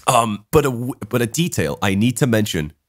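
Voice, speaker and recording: A young man hosts a casual podcast chat and tells a long story. He swears a lot and laughs as he goes, with his pitch jumping all over the place. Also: brisk, dry recording, clean studio sound. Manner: animated, swears a lot, laughs while telling. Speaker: podcast host.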